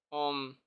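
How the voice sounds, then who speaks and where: Bright-voiced and chatty, this male live streamer talks casually to his viewers as he codes. He thinks out loud, mocks himself, and laughs readily.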